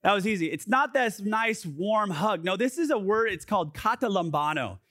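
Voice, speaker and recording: A man in his thirties preaching as a youth pastor, casual and lively with lots of fillers, going soft and quiet when he reads scripture. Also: high-pitched, moderate pace, dry recording. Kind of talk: sermon. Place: youth gathering.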